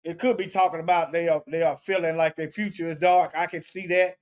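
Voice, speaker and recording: This man leads an informal Bible study at a fairly quick clip, his voice on the high side and steady in tone. He muses aloud colloquially, looking words up in a lexicon and frequently going back over or restarting what he says.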